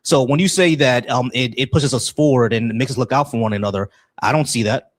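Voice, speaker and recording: A man's voice: mid-range voice, a little fast, dry recording. A man hosting a casual call-in debate stream, blunt and argumentative. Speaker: host.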